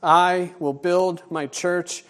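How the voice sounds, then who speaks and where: A middle-aged male pastor preaching a sermon, telling a personal story in an animated way and acting out the voices. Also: high-pitched, slow.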